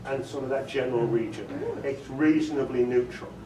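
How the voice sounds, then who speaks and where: A man's voice: medium pitch, a little fast. Man, English accent, middle-aged, joking talk, distant mic, noisy echoey hall. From England. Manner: chatty, jokey, laughs often. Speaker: voiceover artist speaking at a meeting. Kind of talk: storytelling talk with audience questions. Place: meeting room with an audience. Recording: roomy distant recording with background noise.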